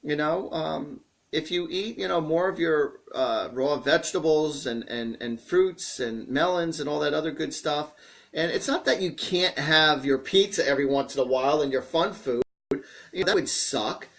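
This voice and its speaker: A man hosting a live stream, chatting loosely and cracking jokes as he answers questions. His voice sits a little high for a man, and he gets louder and livelier when something excites him. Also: normal speed, vocal fry. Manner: chatty, rambling, jokey, animated when excited. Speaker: psychic host answering viewer questions. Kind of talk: casual live-stream talk.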